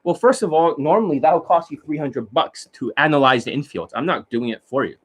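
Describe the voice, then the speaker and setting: A man's voice: on the high side, a little fast, a bit bright, slightly rough. A man, a dating coach from Canada, talking to his students in a blunt, rambling, profane monologue and scolding them.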